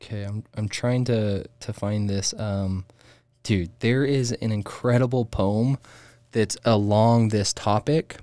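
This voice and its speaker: A man co-hosting a podcast, in relaxed spiritual chat, dropping "dude" and "like" often. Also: on the low side, slow pace, no echo. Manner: relaxed, says "dude" and "like" a lot. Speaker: podcast co-host.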